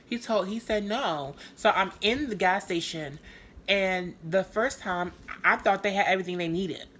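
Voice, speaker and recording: A woman telling a personal story to camera in a rambling, halting way, full of fillers. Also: mid-range voice, a bit bright, slight background noise. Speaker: storytime vlogger.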